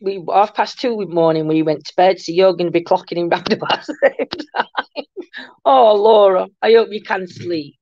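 A woman's voice: mid-range voice, moderate pace, darkish tone, a little hiss or hum. Chatty older woman livestream host. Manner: chatty, greets viewers with endearments, giggly. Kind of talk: casual live chat reading comments. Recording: muffled lo-fi dry room sound.

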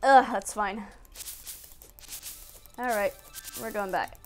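A young woman giving excitable gameplay commentary into a desk mic, talking to herself with lots of exclamations. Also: mid-range voice, takes it slowly, soft background music. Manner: excitable self-talk, frequent exclamations and laughs. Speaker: gaming channel host. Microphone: desk microphone.

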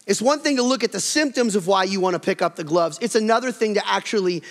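A man preaching a sermon as pastor, animated, acting out everyday quarrels with a rising voice. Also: sits high, fast. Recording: long hall reverb.

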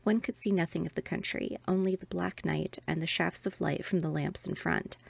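A woman host reading an old ghost story aloud in a measured, expressive way. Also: fairly low pitch, gravelly, husky, no echo.

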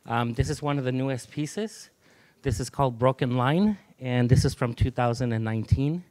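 A middle-aged man from Mexico, an artist and museum curator, leading a group through a gallery with a relaxed manner and many ums. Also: mid-range voice. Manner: relaxed, with frequent ums and restarts. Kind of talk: gallery tour talk to a group. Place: inside an art museum gallery.

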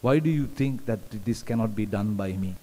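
A man's voice: on the low side, normal speed, mellow. A man preaching a sermon, repeating phrases and putting questions to the congregation. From Sri Lanka. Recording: long hall reverb, live stream.

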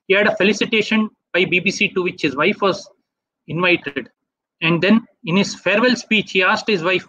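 Male webinar presenter, measured delivery, dry muffled sound. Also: high voice, sharp tone, no room sound. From India. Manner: measured, asks for next slide often. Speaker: webinar speaker. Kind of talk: slide presentation lecture. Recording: dull dry online audio.

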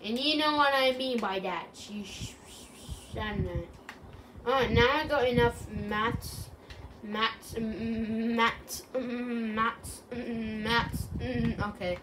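Slow and fairly even in intonation, this woman's voice sits on the high side. She's a gaming channel host giving casual gameplay commentary, rambling and joking about herself while playing, recorded on a distant mic with clear background noise.

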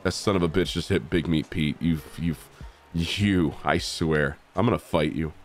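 A young man with a stuffy cold, excitedly and profanely commentating his own baseball video game play, mocking players and yelling at the screen. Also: very deep voice, moderate pace, faint music behind. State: congested from a cold. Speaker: gaming streamer. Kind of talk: casual gameplay commentary.

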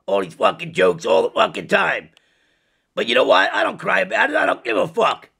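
Man doing a gravelly foul-mouthed purple dinosaur. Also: high-pitched, very animated, a little fast, bright, forceful tone, exaggerated voice. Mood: profane ranting. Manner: ranting, profane, lecturing kids. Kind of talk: crude parody monologue.

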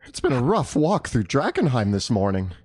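A man's voice: medium pitch, huge pitch swings, normal speed, darkish tone, no room sound, pitched below the performer's own voice. A man voicing an eccentric, overly polite male potion seeker in a tattered suit, with a pompous manner, in a tabletop game recorded in a dry room.

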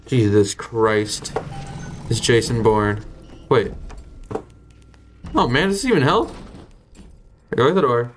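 A young man giving live gameplay commentary as a streamer, excitable, swearing and thinking out loud as he plays. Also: medium pitch, slow, pauses often, a little hiss or hum.

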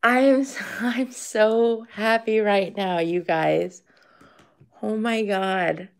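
A woman's voice: mid-range voice, fairly even intonation, takes it slowly, gravelly, clean tone. A woman in her fifties streaming card-pack openings, chatty and gushing, shrieking with joy at big pulls. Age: 50s.

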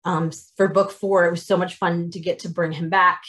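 Chatty woman author, lowish voice. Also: little pitch movement, normal speed, fairly bright tone. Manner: chatty, with many fillers and restarts. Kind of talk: casual talk about her novels, then reading aloud.

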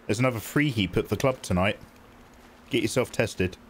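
A man chatting through live gameplay, excitable and jokey, thanking viewers as he plays. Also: on the low side, moderate pace, slight background noise. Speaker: gaming streamer.

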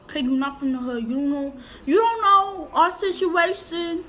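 A woman's voice: very high voice, steady tone, normal speed, fairly bright tone, low-quality recording. A woman reacting to a video in casual, slangy talk, exasperated and blunt, repeating herself.

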